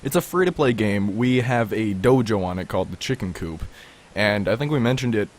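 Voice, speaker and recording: Low-voiced man rambling about games. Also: animated, fairly quick. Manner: rambling, lots of fillers, explains things. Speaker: podcast co-host. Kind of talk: casual gaming chat.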